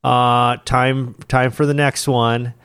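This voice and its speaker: A man's voice: mid-range voice, slow pace, smooth, no room sound, clean studio sound. A man co-hosting a podcast in a casual chat, rambling along with lots of fillers. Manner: rambling, relaxed, filler-heavy. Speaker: podcast co-host.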